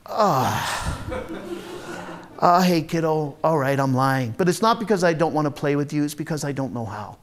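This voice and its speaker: A man's voice: a little high, normal speed. A man performing an autobiographical one-man stage monologue, wry, confessional and blunt, with frequent profanity. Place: theatre stage.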